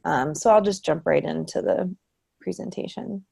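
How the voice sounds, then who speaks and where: Low-voiced woman with a gravelly edge. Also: normal speed. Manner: relaxed, many ums, light laughs. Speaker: presenter for a research committee. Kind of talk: casual online tutorial.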